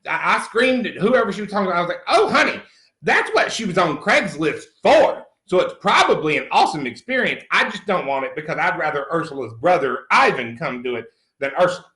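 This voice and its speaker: A man's voice: sits high, very animated, brisk, sharp tone, heavily acted. A middle-aged man playing a crude, brash country man, cursing freely and calling everyone honey. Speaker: comedy character host. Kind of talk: improvised comic monologue. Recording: roomy echo.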